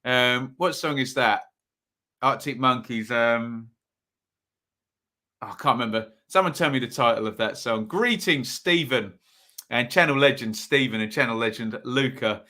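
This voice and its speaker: A man hosts a live football watchalong from home, chatting loosely to his viewers. His voice is bright and forward, and his talk wanders, full of ums and quick self-corrections. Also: mid-range voice. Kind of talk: casual live-stream chat. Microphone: phone or desk mic at a home setup.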